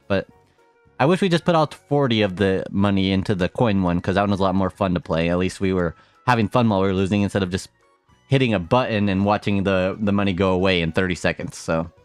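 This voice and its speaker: A man's voice: medium pitch, no room sound. A young man chatting casually on a live stream, rambling through stories and laughing often.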